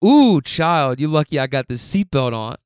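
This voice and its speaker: A man's voice: a little high, big pitch swings, normal speed, clean tone, dry recording, studio quality. A man voicing a stern, no-nonsense aunt who scolds in a sassy, threatening way. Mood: scolding.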